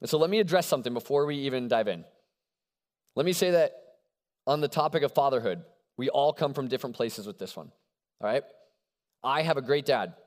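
Young male preacher, animated and chatty, mid-pitched voice, long hall reverb. casual sermon delivery. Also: brisk, pauses often. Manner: animated, conversational with frequent check-ins. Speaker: college ministry preacher.

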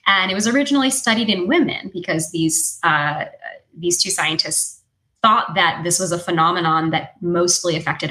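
Woman coach guest, bright clear tone, upbeat explainer on a video call. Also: on the low side, poor audio. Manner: upbeat, explanatory, laughs often. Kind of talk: casual interview chat.

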